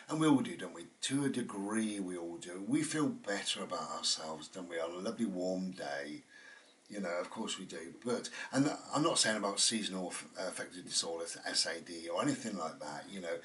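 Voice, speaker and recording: A man's voice: deep voice, a bit bright, recorded from a distance. A man, hosting his own channel and talking at home in a meandering, chatty monologue full of fillers. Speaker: channel host. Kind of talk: rambling reflective monologue. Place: indoors at home.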